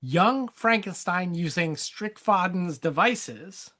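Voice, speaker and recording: A podcast host asking the questions in a relaxed, casual panel chat, with asides and quoted lines. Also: medium pitch, takes it slowly.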